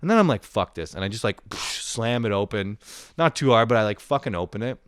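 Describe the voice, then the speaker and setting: Young guy, low smooth voice, profane rambling storyteller, close dry mic. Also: a little fast, dry recording. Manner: profane, rambling, animated retelling. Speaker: vlogger. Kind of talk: casual storytelling monologue.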